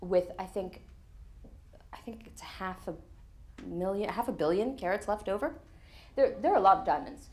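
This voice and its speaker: Lively woman telling stories on stage. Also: medium pitch, moderate pace, pauses often. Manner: lively anecdotal storyteller, laughs often; explains science in plain everyday terms. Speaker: author and guest speaker. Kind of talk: on-stage conversation at a lecture.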